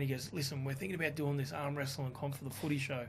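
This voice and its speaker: A man telling a story in a casual chat, animated and swearing, quoting others in his own voice. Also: fairly high pitch, fast talker, slight background noise. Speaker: guest.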